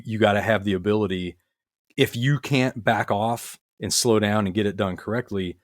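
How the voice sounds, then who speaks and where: A man's voice: fairly low pitch, no echo, clean studio sound. A man speaking as a podcast guest, telling stories in an earnest, rambling way with many restarts and fillers. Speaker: podcast guest, retired military medic. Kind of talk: casual conversational storytelling.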